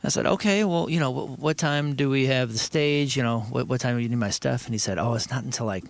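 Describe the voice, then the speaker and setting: A man's voice: medium pitch, quick pace, creaky, dry recording. A man co-hosting a talk show, telling a long story in casual banter, stammering and acting out quotes. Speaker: radio show co-host.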